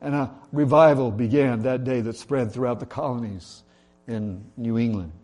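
A man's voice: medium pitch, moderate pace, a little mellow. A man preaching a sermon in a church, talking in a conversational way with many fillers and building emphasis through lists. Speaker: pastor.

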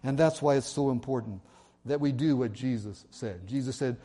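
A man delivering a sermon in a warm, mellow voice at a middle pitch. He preaches earnestly, slows down to read scripture aloud, and now and then drops in a self-deprecating aside. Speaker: pastor.

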